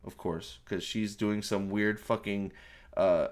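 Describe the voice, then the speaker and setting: A man's voice: on the low side, steady tone, takes it slowly. A man ranting through a spoiler movie review, exasperated, profane and rambling.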